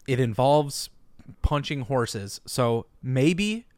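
Animated man telling a funny story. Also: mid-range voice, very slow, dry recording. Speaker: podcast co-host. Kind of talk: casual comedic storytelling.

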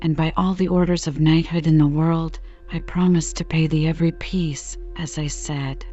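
A woman's voice: sits low, fairly even intonation, moderate pace, dark tone, lo-fi sound, soft background music, close to an everyday voice. A woman reading a sly, wheedling country farmer. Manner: submissive, wheedling. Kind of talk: soft bedtime reading.

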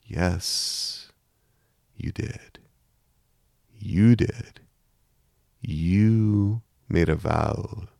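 A man voicing a low, soft, almost gentle inner voice that calmly questions in a storybook reading. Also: very slow, creaky, long pauses, no echo, clean studio sound, exaggerated voice. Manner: soft and calm, quietly questioning.

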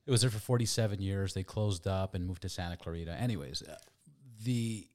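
A man in his thirties hosting a podcast, telling loose, animated anecdotes with casual swearing. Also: low voice, fairly quick. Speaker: podcast host.

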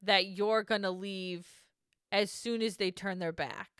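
A woman with a bright, crisp voice chats casually as a podcast co-host. She recaps bluntly, swears freely and laughs often. The sound is dry and close. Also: mid-range voice, steady tone, measured pace, no room sound.

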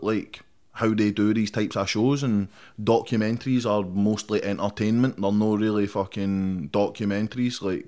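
Blunt, sweary Scottish man, low voice. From Scotland. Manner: blunt, sweary and defiant, drops in "mate" constantly. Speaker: rapper guest. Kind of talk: casual interview chat.

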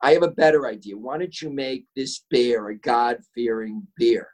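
A man's voice: medium pitch, normal speed, a little mellow, close to an everyday voice. A man voicing a flustered male atheist professor who pleads with God and worries about embarrassment, told as part of a spoken joke. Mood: pleading.

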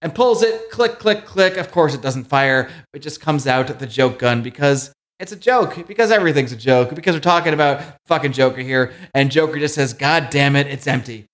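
A man co-hosting a podcast, recapping a comic book in an animated, casual way, now and then swearing. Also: fairly high pitch, a little fast, hardly any pauses. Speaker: podcast co-host.

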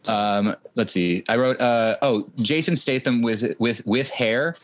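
A man's voice: mid-range voice, a little slow. A man co-hosting a podcast, chatting casually and analytically about movies and sometimes acting out lines. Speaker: podcast co-host.

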